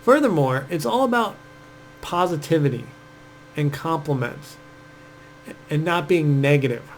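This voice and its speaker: Chatty, fairly high-voiced dating coach man. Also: expressive, measured pace, a little hiss or hum, rough recording. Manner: chatty, filler-heavy, acts out quoted speech. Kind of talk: casual advice talk.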